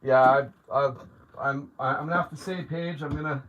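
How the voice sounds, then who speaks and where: A man's voice: a little high, fairly quick, fairly bright tone, recorded from a distance. A man hosting a casual live stream, chatting to viewers, rambling with many restarts and growing openly grateful. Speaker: livestream host.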